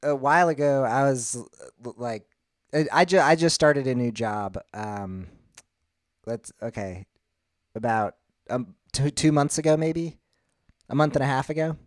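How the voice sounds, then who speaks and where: Male co-host, curious and easygoing, mid pitch, dry recording. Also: measured pace, no echo. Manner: curious, asks questions, relaxed storytelling. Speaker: podcast co-host. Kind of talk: casual podcast chat.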